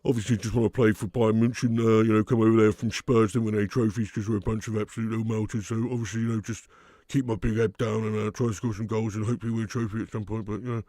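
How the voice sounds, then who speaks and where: A man putting on a nasal young footballer who mumbles in a flat, filler-filled monotone. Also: fairly low pitch, fast talker, few pauses, no echo, clean studio sound, pitched below the performer's own voice. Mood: deadpan.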